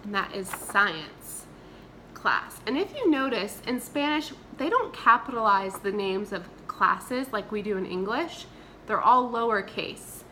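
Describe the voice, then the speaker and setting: A woman's voice: mid-range voice, animated, bright, forceful tone, a little hiss or hum. A woman teacher, leading a remote vocabulary lesson and having the class repeat words after her. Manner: slow, clear repeat-after-me drilling. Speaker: Spanish teacher.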